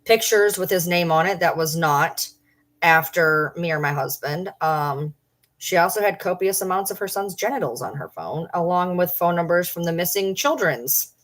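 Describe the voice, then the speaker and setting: A middle-aged woman on a livestream recounts events in a blunt, profane, animated way. Her voice sits a little low. She talks in a loose, conversational stream. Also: moderate pace. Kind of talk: casual livestream storytelling.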